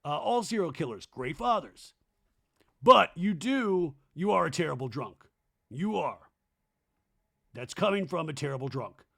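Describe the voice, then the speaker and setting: A man voicing a brash, defensive man who rambles fast and blusters. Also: fairly high pitch, very animated, creaky, fairly bright tone, heavily acted. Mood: blustering.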